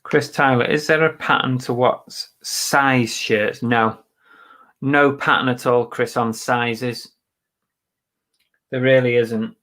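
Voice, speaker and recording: Slow-talking English man on a live stream. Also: mid-range voice, steady tone, a bit bright, rough recording. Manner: chatty, blunt, swears casually, reads out viewer comments. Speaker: eBay reseller livestreaming. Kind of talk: casual live-stream chat while listing items.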